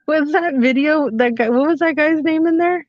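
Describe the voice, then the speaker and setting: A woman's voice: high voice, normal speed, no echo. Woman, podcast co-host, teasing chatty storyteller, muffled sound, dry room. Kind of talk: casual storytelling chat.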